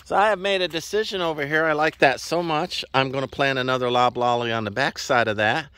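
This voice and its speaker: A man's voice: mid-range voice, a little fast, bright, forceful tone, smooth, dry recording. A man casually vlogging outdoors on his ranch, rambling in a folksy way as he walks the land and chats to his horse. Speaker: farm vlogger. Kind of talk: casual walk-and-talk vlog. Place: outdoors on a ranch in a wet meadow.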